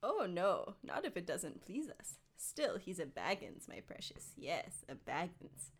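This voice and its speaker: A woman's voice: lowish voice, huge pitch swings, measured pace, slightly rough, exaggerated voice. A woman reading the part of Gollum, a wretched, scheming creature muttering to itself in a hissing, wheedling, partly whispered theatrical voice.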